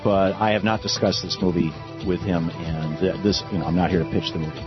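A man's voice: low voice, steady tone, brisk, music in the background. A man delivering a political commentary monologue, impassioned and with sarcastic asides. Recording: dull lo-fi dry recording.

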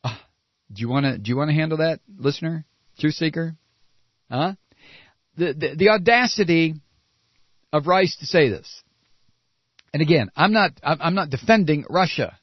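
A man's voice: a little high, animated, moderate pace, pauses often, no echo, dull audio. A man hosting a talk radio show, ranting with sarcasm and indignation and mocking the people he talks about. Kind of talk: ranting political commentary.

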